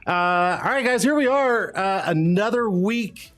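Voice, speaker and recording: A man's voice: high-pitched, lively intonation, measured pace, a bit bright. A man hosting a casual live stream, rambling and hyping up his chat with lots of "uh"s and laughs. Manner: loose, rambling, hype talk with frequent "uh" and laughs. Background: faint background music.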